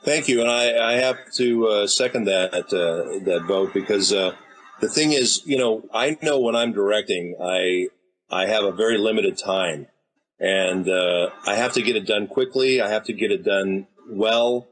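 A man's voice: fairly low pitch, a little slow, a bit bright, low-quality recording. An American man in his fifties, a voice actor and director, telling stories in an easygoing, anecdotal way as an interview guest. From United States. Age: 50s. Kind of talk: casual interview talk.

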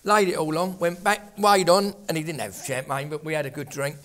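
A man's voice: on the high side, steady tone, a little fast, a bit bright. An older man from England telling rambling, swearing anecdotes among old friends. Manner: rambling, swearing, laughing storyteller. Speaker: storyteller at a table of old friends.

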